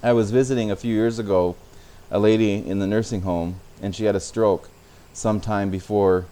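A man's voice: fairly low pitch, steady tone, normal speed, dark tone. A man preaching a sermon as a pastor, speaking conversationally and sometimes repeating words.

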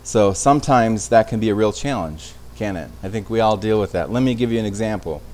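Low-voiced man teaching a Bible study. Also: a little fast, a little mellow. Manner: conversational, with frequent restarts and tag questions.

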